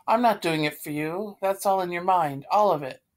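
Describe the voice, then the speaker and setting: Quarrelsome middle-aged man, gruff and snapping, read by a woman. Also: lowish voice, normal speed, lightly acted. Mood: irritated. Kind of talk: read-aloud play.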